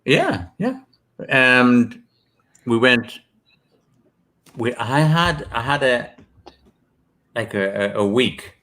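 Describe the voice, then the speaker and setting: A man's voice: medium pitch, very animated, extremely slow, long pauses, pushed and bright. A British man, an author and guest, telling rambling stories with many ums and restarts. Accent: British English. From Britain. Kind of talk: casual interview storytelling.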